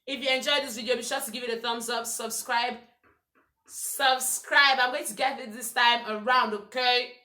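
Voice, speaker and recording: A young woman vlogger telling a story in a casual, exasperated, animated way. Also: fairly high pitch, a little fast, hardly any pauses, roomy sound. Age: young adult. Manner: animated, exasperated retelling with quoted voices.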